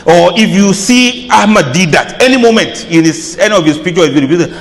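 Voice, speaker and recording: A man giving an informal religious lecture, chatty and often laughing, playing out reactions with soft drawn-out sighs. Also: sits high, animated, big-room sound. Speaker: Islamic lecturer. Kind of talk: informal sermon.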